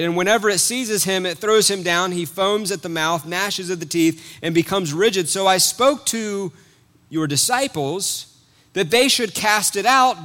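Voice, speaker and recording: A man preaching a sermon, reading scripture and explaining it, with repeated words as he thinks aloud and loud emphatic peaks. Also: sits high, unhurried.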